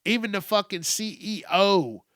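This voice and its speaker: A man's voice: sits high, unhurried, a bit bright, dry recording, clean studio sound. A man hosting his own podcast, rambling casually and profanely, amused at himself. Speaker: podcast host. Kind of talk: casual solo rant.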